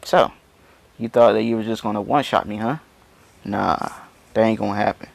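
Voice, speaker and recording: Dude voicing a chill cocky dragon guy, gravelly low voice, teasing. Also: steady tone, a little fast. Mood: smug. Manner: laid-back, teasing confidence. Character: cocky, unbothered young male dragon fighter.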